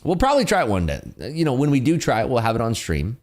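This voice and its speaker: A young adult man hosting a day-trading livestream, chatting casually with viewers in an animated, ranting way full of fillers. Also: mid-range voice, fast talker. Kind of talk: casual livestream chat answering viewer questions.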